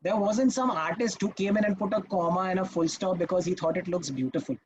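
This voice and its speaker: A man's voice: high voice, fairly quick, a little hiss or hum, low-quality recording. A man teaching public speaking in a live online masterclass, talking emphatically and often checking in with his listeners. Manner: emphatic and instructive, checks in with "Okay?". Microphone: video call.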